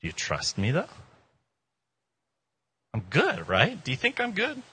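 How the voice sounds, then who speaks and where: Pastor doing jesus, calm and reassuring, bit of dry humor, bright husky voice. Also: male voice, high-pitched, a little slow, voice pushed up, heavily acted. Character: calm, gently teasing male Jesus.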